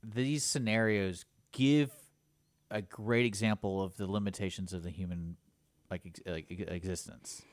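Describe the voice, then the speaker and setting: A man's voice: on the low side, fairly even intonation, moderate pace, dry recording. A man co-hosting a community radio talk show, telling rambling anecdotes in a casual way. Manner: rambling anecdotes, does funny voices. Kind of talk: casual studio chat. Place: radio studio.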